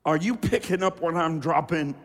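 A man preaching a fiery sermon from the pulpit, dropping to low asides and rising to shouted refrains. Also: moderate pace. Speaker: pastor. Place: church sanctuary with reverb. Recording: hall reverb from a large church.

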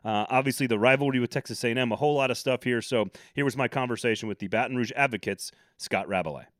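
A man's voice: medium pitch, fast, a bit bright, no echo, clean studio sound. A man hosting a sports podcast, chatting casually with opinionated, joking asides. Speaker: podcast host.

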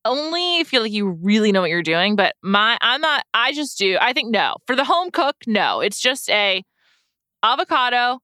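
A woman in her thirties co-hosting a podcast in casual chat, chatty and quick to laugh at herself. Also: on the high side, very animated, pushed and bright, clean tone, no echo, clean studio sound. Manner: chatty, laughs often, self-deprecating. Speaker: podcast co-host.

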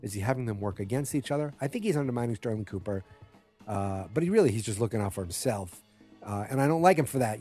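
A man's voice: fairly low pitch, lively intonation, fast, dark tone, faint music behind. A man giving a casual spoken recap of a TV episode, rambling with many fillers and self-corrections, and blunt in his opinions.

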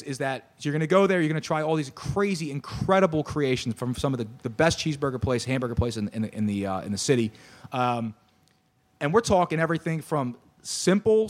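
A man's voice: on the high side, fairly quick. A male show host in casual chat, joking and teasing in a boisterous way. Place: studio.

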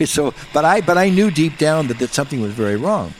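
A man's voice: on the high side, big pitch swings, brisk, slight background noise. An older man, a guitarist, casually telling stories from his touring days, rambling with restarts and acting out what people said. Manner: rambling, with restarts and acted-out quotes. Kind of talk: casual storytelling.

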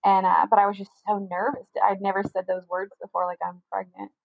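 A woman's voice: medium pitch, flat delivery, gravelly, dry recording. Young woman rambling through a story in an interview, lots of likes, dull muffled dry sound. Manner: fast chatty storytelling with many "like" fillers. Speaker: guest telling her story.

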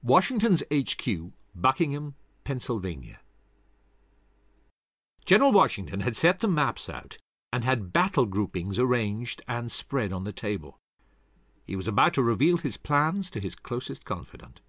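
A man reading a scripted history narration in a dramatic, expressive way into a close studio mic. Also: mid-range voice, moderate pace, no room sound.

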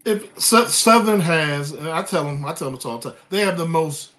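A man from California, a former college quarterback, talking sports as a guest in a casual chat, lively and quick to repeat himself when starting a thought. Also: fairly high pitch.

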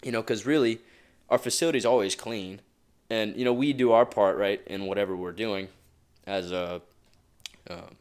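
Man, young adult, low-pitched, casual rambling podcast monologue, chuckles often. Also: moderate pace, long pauses, darkish tone, clear, resonant tone. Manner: rambling and conversational, with frequent asides. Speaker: podcast host.

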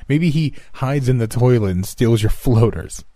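A man's voice: medium pitch, lively intonation, warm tone, dry recording, voice pushed up. A man voicing a sarcastic young male friend who mocks and jokes. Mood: mocking. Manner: mocking and quick to joke.

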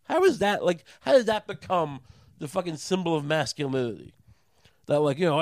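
A man on a sarcastic, profane comedic rant, his voice jumping high when he gets indignant. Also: expressive, moderate pace, no echo.

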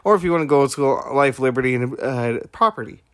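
A man's voice: mid-range voice, lively intonation, brisk, a bit bright, no room sound. A man hosting a podcast, retelling a conversation and making his point in an emphatic, preachy way with repeated rhetorical questions. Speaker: podcast host.

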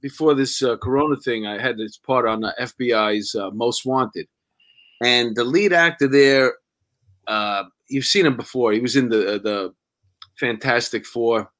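A man who acts, chatting casually and telling animated stories. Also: medium pitch, measured pace, low-quality recording. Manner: animated storyteller. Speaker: actor. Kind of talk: casual chat.

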